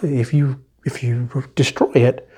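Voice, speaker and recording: A man's voice: medium pitch, fairly even intonation, slow, mellow, husky. A man voicing a fearful male ghost who pleads in a raised voice to keep his lizard, while retelling a book scene. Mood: anxious.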